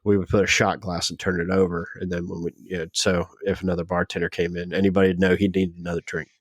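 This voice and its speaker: A man telling a story on a podcast, animated and acting out the dialogue of the people in it. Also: sits low, fast talker, no room sound, clean studio sound. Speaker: podcast guest. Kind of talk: casual storytelling.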